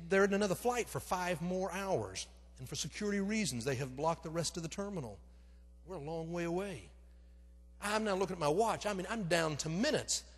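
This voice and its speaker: A man preaching a sermon, telling a story dramatically and moving between loud urgency and hushed intimacy. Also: high-pitched, breathy edge. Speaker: pastor. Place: church sanctuary. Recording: reverberant church hall.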